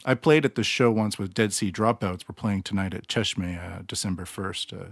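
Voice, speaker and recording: A man's voice: on the low side, normal speed, gravelly, no echo, clean studio sound. A Canadian man hosting his own podcast, talking alone in a rambling, blunt and self-deprecating way. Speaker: podcast host. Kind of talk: casual solo monologue.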